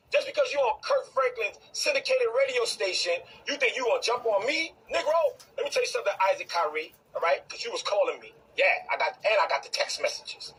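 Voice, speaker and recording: A man's voice: very high-pitched, a bit bright, recorded from a distance, a little hiss or hum, poor audio. A man from Brooklyn, a bishop, delivers a confrontational rant and repeats his phrases for emphasis. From Brooklyn, New York. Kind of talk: heated direct-to-camera rant.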